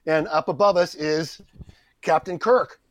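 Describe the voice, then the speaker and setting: A middle-aged man, a guest actor, telling stories on a podcast in an animated, self-deprecating way. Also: fairly high pitch, unhurried. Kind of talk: anecdotal storytelling.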